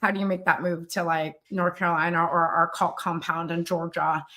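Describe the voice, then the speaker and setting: A woman from the American South hosting a casual live-stream chat as a business coach, talking in an animated way with many fillers. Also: fairly low pitch, normal speed. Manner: chatty, animated, frequent fillers and laughs. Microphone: studio live-stream mic.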